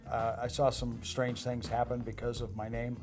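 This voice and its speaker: Gravelly older man telling anecdotes. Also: medium pitch, monotone, moderate pace, a little mellow, soft background music. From Las Vegas. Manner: rambling anecdotes with filler uhs. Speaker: former casino dealer. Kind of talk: storytelling interview.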